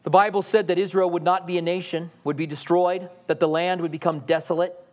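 Male pastor with a high voice, preaching in a chatty style, full of rhetorical questions. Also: little pitch movement, brisk, a little mellow. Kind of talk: sermon.

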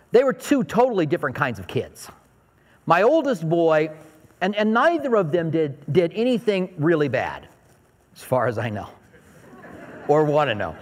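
Brief: a middle-aged male preacher with a high voice, casual and anecdotal, in a church hall with long reverb. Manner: conversational, anecdotal, asks the audience questions. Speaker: pastor. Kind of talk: sermon.

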